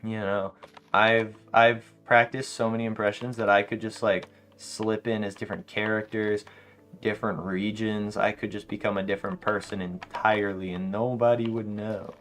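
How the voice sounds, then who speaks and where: Young guy streamer chatting to chat, lowish voice, slangy storytelling, faint music behind. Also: moderate pace. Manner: animated storytelling, slangy, laughs often. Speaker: live streamer. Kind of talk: casual livestream chat while gaming.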